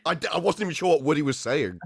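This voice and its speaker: An Englishman talks in a casual podcast chat, his pitch rising and falling freely. He jokes dryly and laughs often. The sound is close and dry. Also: animated, very fast, gravelly, husky, no room sound. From England.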